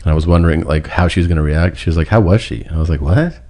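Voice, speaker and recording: In relaxed podcast conversation, a man rambles through a lengthy story from his own life, chuckling at it from time to time. His mellow voice sits low, and he talks very fast.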